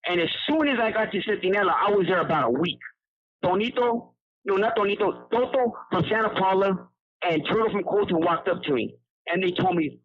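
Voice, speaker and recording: A man's voice: sits high, expressive, a little fast, slightly rough. A man telling a story casually over a phone call, using street slang and rambling with restarts. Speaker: incarcerated storyteller. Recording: tinny prison phone line.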